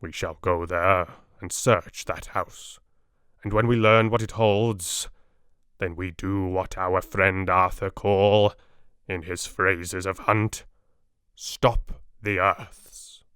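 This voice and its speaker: A man's voice: low-pitched, steady tone, pushed and bright, smooth, no room sound, clean studio sound, exaggerated voice. A man voicing a grave old Dutch professor. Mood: urging. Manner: broken, foreign-sounding English phrasing, grave and measured. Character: elderly Dutch male professor, earnest, wise and patient. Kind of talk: audiobook character reading.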